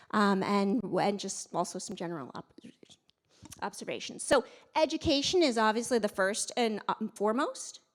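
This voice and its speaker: A middle-aged woman giving a conference talk, emphatic and energetic, with many fillers and restarts. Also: medium pitch. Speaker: conference speaker.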